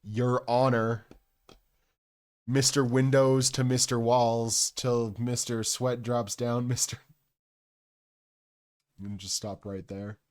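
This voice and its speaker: A man's voice: mid-range voice, little pitch movement, slow. Joking male streamer, mumbles then bursts out. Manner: joking and rambling, jumping between mumbling asides and loud outbursts. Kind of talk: casual live-stream chat.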